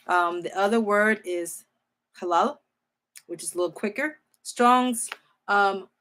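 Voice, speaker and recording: Slow, bright-voiced woman teaching scripture. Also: medium pitch. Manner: reads scripture slowly, then speaks with emotional emphasis; thinks aloud, corrects herself. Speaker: Bible teacher.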